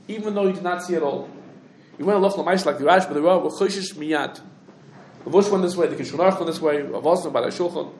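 A man teaching a halachic lecture, talking quickly with restarts and lots of Hebrew and Yiddish terms. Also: a little high, a little mellow, roomy sound, slight background noise. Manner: rapid, halting, many restarts, heavy Hebrew terms. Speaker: Torah teacher.

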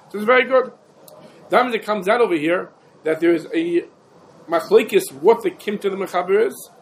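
High-voiced man giving a lecture. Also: a little hiss or hum, low-quality recording. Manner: animated, questioning and answering himself. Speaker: Talmud teacher. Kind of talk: yeshiva-style halachic lecture.

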